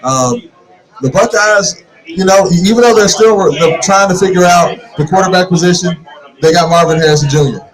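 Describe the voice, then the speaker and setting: Opinionated sports host, bar crowd. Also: male voice, sits high, brisk. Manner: animated, opinionated, repeats words when fired up. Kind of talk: casual sports talk. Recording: live in a noisy bar crowd. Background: bar crowd chatter.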